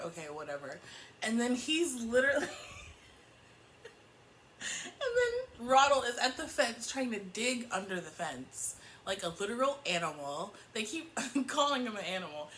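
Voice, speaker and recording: A woman's voice: on the high side, fairly bright tone, a little hiss or hum, low-quality recording. A woman giving a casual recap review of a TV episode, exasperated, profane and laughing often. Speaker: book and TV reviewer.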